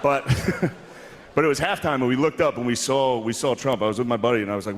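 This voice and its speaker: A man's voice: mid-range voice, a little fast. A male comedian telling a rambling story in stand-up at an awards show, laughing between lines. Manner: rambling anecdotal delivery with laughs. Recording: echoey hall with faint noise.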